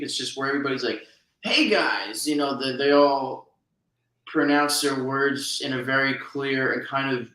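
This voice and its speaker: Bright-voiced man from New Jersey, rambling. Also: mid-range voice. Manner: rambling, full of restarts and fillers. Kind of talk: casual chat. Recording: echoey room.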